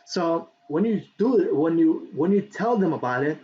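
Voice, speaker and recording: A man's voice: a little high, moderate pace. A man teaching affiliate marketing in a casual on-camera tutorial, chatty and repetitive, asking "right?" again and again. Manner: animated, reaching around for books while talking. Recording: dull lo-fi sound with faint background noise.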